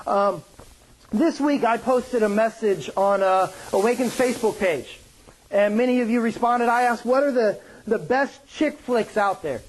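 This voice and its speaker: A male pastor preaching a sermon, with joking, animated storytelling and playful put-on voices. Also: high-pitched, normal speed, slight background noise, rough recording.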